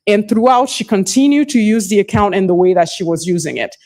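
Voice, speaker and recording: A woman's voice: mid-range voice, expressive, brisk, a little mellow. A middle-aged woman giving formal testimony as a witness, speaking carefully and often stopping to search for words. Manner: hesitant, searching for words, restarts phrases.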